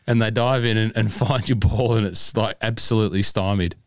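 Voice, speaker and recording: Animated male golf podcast co-host. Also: fairly quick. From Scotland. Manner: animated storyteller, mimics people in high voices. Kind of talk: casual chat.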